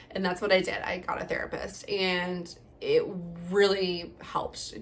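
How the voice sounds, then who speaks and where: Chatty woman vlogger. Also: medium pitch. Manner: candid and chatty, with frequent laughs and fillers. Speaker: vlogger, mother. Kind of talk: casual personal vlog talk.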